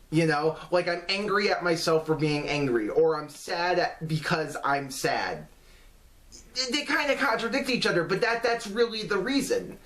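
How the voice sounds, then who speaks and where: A man vlogging casual advice to camera in an earnest, halting way, with many restarts and fillers. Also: sits high, a bit bright.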